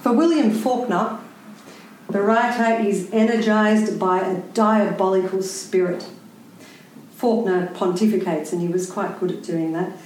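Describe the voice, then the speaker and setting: A woman's voice: medium pitch, fairly even intonation, a little slow, darkish tone, a little hiss or hum. Woman writer at a lecture, wry and pointed, heavy room echo. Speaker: writer giving a talk. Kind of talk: prepared public talk. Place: room with a live audience. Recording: very echoey room.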